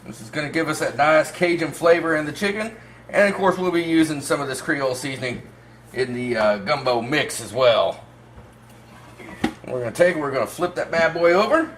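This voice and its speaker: A man hosting a cooking channel, talking viewers through a recipe step by step in a relaxed, folksy way. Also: a little high, moderate pace, slight background noise. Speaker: host of a barbecue cooking channel. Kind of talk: casual cooking demonstration.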